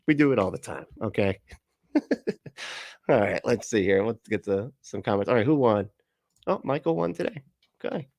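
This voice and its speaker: A man's voice: fairly low pitch, expressive, normal speed, creaky, pauses often, darkish tone, dry recording, clean studio sound. A man giving mocking reaction commentary on a live stream, sarcastic and laughing, often swearing.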